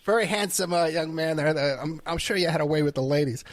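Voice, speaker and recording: A man's voice: a little high, fast talker, no echo. A man hosting an interview, plugging contact details and asking questions, with frequent fillers. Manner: plugs links and asks questions, with fillers. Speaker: podcast host.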